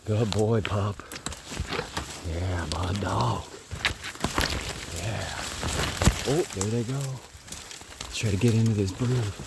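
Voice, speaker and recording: Out in the woods, a man whose voice sits on the low side keeps a steady tone, speaking a little slowly with frequent pauses. He narrates to camera while walking and training his bird dogs, praising them and shouting loudly to them as he explains. Birds and outdoor sounds fill the background of this noisy field recording.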